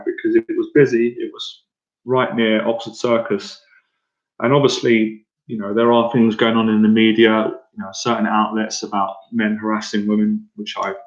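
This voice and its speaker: Irish man, thirties, rambling excitable livestream chat, low voice, echoey room, dull lo-fi sound. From Ireland. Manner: chatty and excitable, rambling with many fillers and restarts. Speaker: confidence coach hosting a livestream. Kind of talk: casual livestream talk to viewers.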